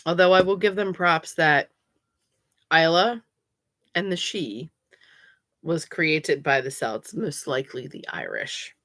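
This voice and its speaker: A woman's voice: low-pitched, big pitch swings, slow pace, long pauses, fairly bright tone, dry recording, clean studio sound. A woman explains things in a casual, chatty way, with plenty of fillers. She grows emphatic and insistent when she corrects people. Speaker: pagan vlogger.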